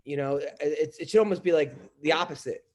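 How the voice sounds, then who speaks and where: A man's voice: on the high side, quick pace, darkish tone. A man, a comedian, telling rambling stories in casual podcast chat, full of fillers and restarts. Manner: rambling storytelling with lots of fillers. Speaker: comedian guest.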